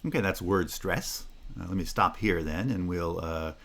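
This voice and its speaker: A man's voice: deep voice, moderate pace, a bit bright. A man giving a recorded university lecture, explaining step by step with frequent "uh" fillers, self-corrections and example words repeated aloud. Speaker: linguistics lecturer.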